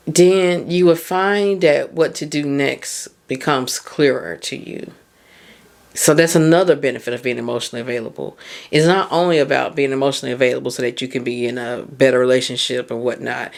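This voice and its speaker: A woman's voice: very deep voice, gravelly. A woman hosting a casual solo podcast on self-growth, talking candidly, swearing freely and putting reflective questions to the listener. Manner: candid and conversational, swears freely, laughs at herself. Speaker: podcast host.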